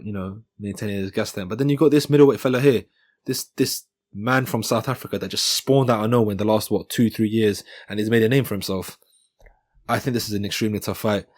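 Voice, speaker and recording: A man's voice: fairly low pitch, a little mellow. A man hosting his own channel, giving a casual, joking breakdown of upcoming fights and often correcting himself mid-sentence. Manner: chatty and joking, with frequent self-corrections. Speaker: MMA channel host. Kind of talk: casual fight-analysis commentary.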